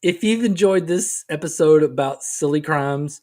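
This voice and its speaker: A man's voice: fairly high pitch, unhurried, warm tone. A man co-hosting a podcast in casual comedic chat, rambling and self-mocking and laughing often. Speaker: podcast co-host. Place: podcast recording.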